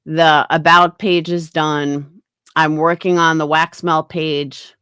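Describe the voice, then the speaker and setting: A woman's voice: deep voice, little pitch movement, takes it slowly, sharp tone, smooth, dry recording, clean studio sound. A woman hosting a casual livestream, talking bluntly with frequent swearing and answering her chat. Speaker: livestream host.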